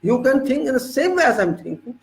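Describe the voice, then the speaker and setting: A man's voice: very high-pitched, big pitch swings, fairly quick, vocal fry, low-quality recording. A man with an Indian English accent, from India, giving an emphatic, repetitive monologue as a civil engineering lecturer.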